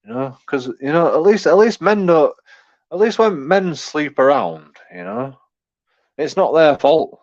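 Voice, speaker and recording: A man's voice: fairly high pitch, big pitch swings, unhurried, darkish tone, muffled recording. A man, ranting in a rambling, crude, profanity-heavy way as he reacts to a clip. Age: 40s. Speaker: commentator. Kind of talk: casual reaction rant.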